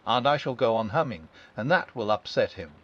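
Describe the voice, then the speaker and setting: A man voicing a gentle, simple-minded male bear who thinks things through slowly and earnestly in a storybook reading. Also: medium pitch, animated, natural voice. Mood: thoughtful. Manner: slow, thoughtful, earnest. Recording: dull lo-fi.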